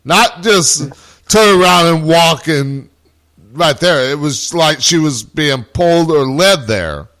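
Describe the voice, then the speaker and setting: Slow, halting man telling a story. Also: fairly high pitch, expressive, fairly bright tone. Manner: halting, with restarts. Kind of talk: casual chat.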